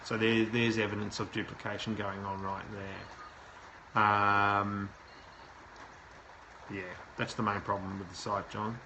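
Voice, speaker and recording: A man's voice: fairly low pitch, level tone, a little slow, long pauses, noisy background. A man hosting a live show, reviewing a website aloud and giving plain, direct advice. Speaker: SEO consultant host. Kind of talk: live website review, talking while browsing.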